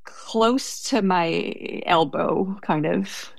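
Young woman, low gravelly voice, dry close sound, hesitant storytelling. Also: drawn-out words, no room sound. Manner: hesitant, self-correcting, laughs while telling. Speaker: guest telling a story. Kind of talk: conversational storytelling.

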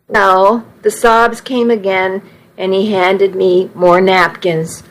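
A woman narrating a first-person story in an even, unhurried way. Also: medium pitch, rough recording.

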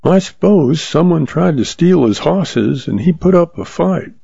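A man voicing a mild, calm cowhand who talks slowly in a drawl, pitched higher than his own voice, in a dry muffled recording. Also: gravelly, slightly rough, no room sound, heavily acted.

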